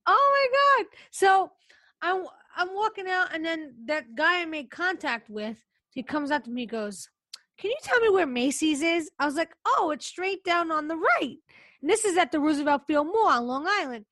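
A woman's voice: extremely high pitch, bright, forceful tone, dry recording. A middle-aged woman co-hosting a talk show, telling a story in casual chat and acting out the quotes with animation.

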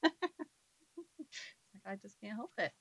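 A woman paranormal investigator telling stories in a casual chat, animated and laughing often, with the hiccups. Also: mid-range voice, slow pace, breathy edge. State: has the hiccups.

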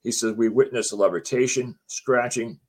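A homeowner tells his story in casual talk, his mid-range voice moving at normal speed. He is animated and acts out what other people said.

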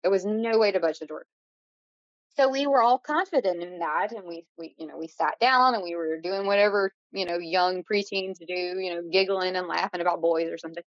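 A woman in her late thirties, a podcast guest, recounting a paranormal story in an animated way, acting out quotes and using many fillers. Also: on the low side, fairly quick, no echo. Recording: dull, dry lo-fi audio.

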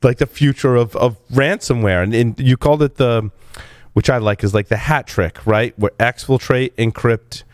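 A man's voice: medium pitch, normal speed, no echo, clean studio sound. A man hosting a security podcast, talking casually with restarts while on the verge of losing his voice. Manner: energetic, rambling with restarts. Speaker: podcast host. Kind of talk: casual podcast talk and read ads.

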